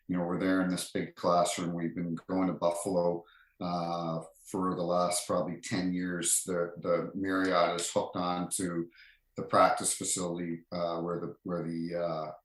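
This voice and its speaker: A middle-aged man, a retired referee, telling stories as a podcast guest in a chatty, rambling way with many fillers and restarts. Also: deep voice. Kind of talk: casual anecdotal storytelling. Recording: roomy echo.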